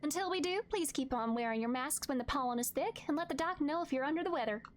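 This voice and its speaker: A woman's voice: sits high, expressive, fast, a little hiss or hum, voice pushed up. A woman voicing an eager young female council member in a put-on Southern US accent, folksy and earnest.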